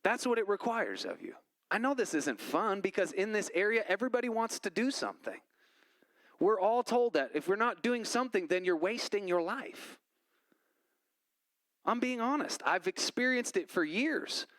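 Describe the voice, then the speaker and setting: A man's voice: high-pitched, moderate pace, dry recording, low-quality recording. A male pastor giving a conversational sermon in church, telling stories and acting out quoted conversations. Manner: conversational, animated storytelling with quoted voices.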